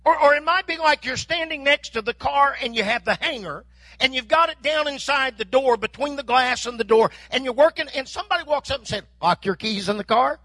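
A man's voice: very high voice, fairly quick, sharp tone, no room sound. An older man preaching a sermon, telling folksy stories and acting out bits of dialogue. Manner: folksy storytelling with mock dialogue. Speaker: pastor.

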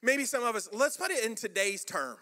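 A man's voice: very high-pitched, lively intonation, fairly quick, sharp tone. A man preaching a sermon as pastor, emphatic and rhetorical, repeating phrases for effect.

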